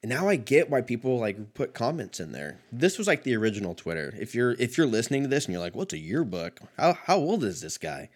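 A man's voice: medium pitch, very animated, brisk, hardly any pauses, slightly rough. A man in his thirties talking casually on his own, rambling and mocking himself, swearing and laughing often. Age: 30s. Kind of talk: casual solo monologue.

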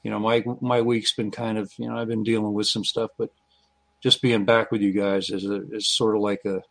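A man rambling warmly with many fillers in a casual online roundtable chat. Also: fairly low pitch, little pitch movement, a little fast, gravelly, no room sound.

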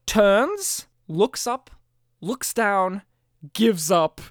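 A woman's voice: medium pitch, extremely slow, no room sound, studio quality. A woman co-hosting a podcast, retelling a film in casual chat, laughing often and imitating the characters. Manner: laughing, animated storytelling with imitations. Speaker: podcast co-host. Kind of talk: casual movie review chat.

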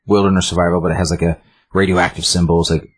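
A man's voice: deep voice, flat delivery, quick pace, slight background noise. A man casually retelling a comic book's plot and reviewing it, rambling with many fillers and restarts. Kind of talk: casual chat retelling a story.

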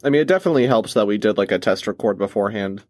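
A man's voice: lowish voice, animated, rapid-fire, a little mellow, no room sound, studio quality. A man in his twenties co-hosting a casual podcast, telling a rambling story full of fillers and restarts. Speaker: podcast co-host. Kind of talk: casual chat.

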